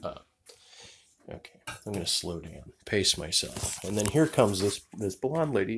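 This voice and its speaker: A low-pitched man spins a long travel tale, jumping between tangents and swearing freely. He talks casually to the camera and keeps circling back to his point. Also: very animated, measured pace, fairly bright tone, slight background noise. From United States. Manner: digressive, profane, loses his train of thought. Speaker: vlogger. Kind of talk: rambling travel story.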